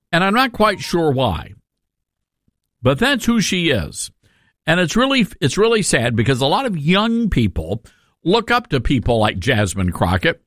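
A man hosting a talk radio show, animated and sarcastic in his commentary. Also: fairly high pitch, no room sound, studio quality. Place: radio studio.

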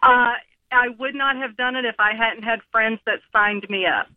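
A woman's voice: on the high side, moderate pace, dry recording. A woman in her fifties calling into a radio show and telling a story in a plain manner. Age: 50s. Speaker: caller. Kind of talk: phone-in call. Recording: tinny phone line.

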